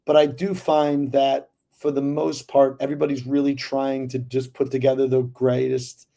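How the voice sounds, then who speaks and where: A man's voice: mid-range voice, completely flat delivery, normal speed, vocal fry, mellow. A man being interviewed as a guest actor, telling casual stories full of fillers and swearing. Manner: loose storyteller, lots of fillers and profanity.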